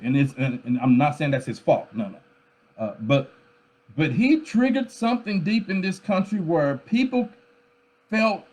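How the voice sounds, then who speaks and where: A man speaking at a forum with an emphatic, lecture-like delivery, often repeating words and checking in with the listener. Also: on the high side. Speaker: pastor and scholar speaking at a forum. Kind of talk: impassioned lecture-style talk. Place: livestreamed forum.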